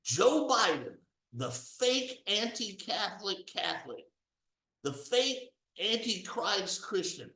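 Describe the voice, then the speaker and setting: A man talks through a religious and political monologue with real emphasis, his voice swinging widely in pitch. His tone sits a little high for a man and climbs to near-shouts when he gets indignant. The recording rings with the echo of a hard room. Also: big pitch swings, a little slow. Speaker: commentary host.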